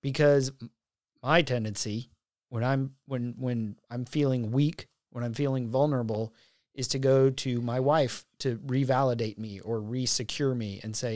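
Chill guy talking, smooth clear voice, dry room. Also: medium pitch, fairly even intonation, moderate pace, a little mellow, dry recording. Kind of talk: casual chat.

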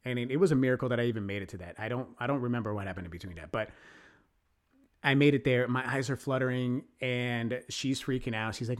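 A man hosting a podcast in casual chat, rambling and crude as he tells his stories. His voice sits at an ordinary middle pitch. He is animated and talks loosely, with plenty of restarts. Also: fast. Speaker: podcast host. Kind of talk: casual storytelling.

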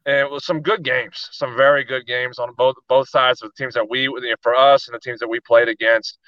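A man co-hosting a casual sports talk show, excitable, with frequent stammering restarts and Southern slang. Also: medium pitch, fairly quick, no room sound, lo-fi sound. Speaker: co-host, youth softball coach.

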